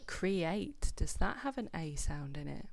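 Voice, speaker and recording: A woman's voice: sits low, sing-song, normal speed, vocal fry, a little hiss or hum. A woman teaching a live online phonics lesson to children, counting down and praising them by name. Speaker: homeschool teacher.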